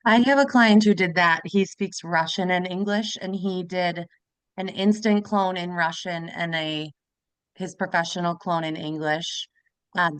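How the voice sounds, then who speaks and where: A woman's voice: fairly low pitch, a bit bright, clean tone, no room sound. A woman on a video call in a webinar, explaining steadily with fillers as she talks about her clients. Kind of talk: webinar discussion.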